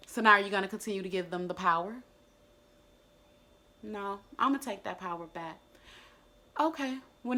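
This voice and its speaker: Bright-voiced woman, earnest and heartfelt. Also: mid-range voice, moderate pace. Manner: heartfelt, earnest and emotional, with soft self-talk. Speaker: vlogger. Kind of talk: personal reflective monologue.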